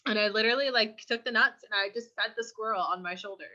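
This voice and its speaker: Talking fast in a fairly high, sharp-toned voice, a young adult woman shares stories as a co-host on a laid-back podcast. Quoted lines come out with small squeals, and the sound quality is dull and lo-fi.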